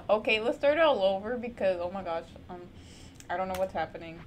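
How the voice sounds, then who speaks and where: A young woman hosting her own reaction vlog, chatting casually and breaking into loud, gushing exclamations. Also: medium pitch, takes it slowly, pauses often, slight background noise. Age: young adult. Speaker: reaction video host. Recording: music playing behind her.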